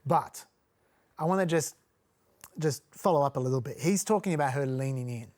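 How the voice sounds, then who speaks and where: A man's voice: on the high side, moderate pace, a little mellow. An Australian man co-hosting a current affairs panel, arguing his point emphatically with a string of rhetorical questions. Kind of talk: analytical panel discussion.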